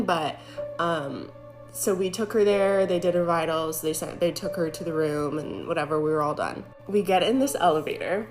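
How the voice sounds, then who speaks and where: Chatty woman telling a scary story. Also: on the low side. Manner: chatty, filler-heavy, animated when tense. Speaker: former EMT. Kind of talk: casual storytime. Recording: music bed under voice. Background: background music.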